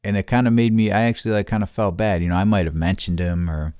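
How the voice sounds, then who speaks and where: A man's voice: low voice, fairly even intonation, quick pace, a little mellow, smooth, dry recording, clean studio sound. A man hosting his podcast outdoors, rambling casually with lots of swearing and losing his train of thought. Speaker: podcast host. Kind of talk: casual solo podcast monologue.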